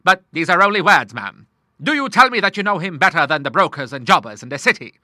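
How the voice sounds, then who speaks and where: Man playing a hearty old admiral, blustering, sea talk, lively pitch, bright tone. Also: fast, no room sound, clean studio sound, exaggerated voice. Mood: bluff. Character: bluff old retired navy admiral, hearty.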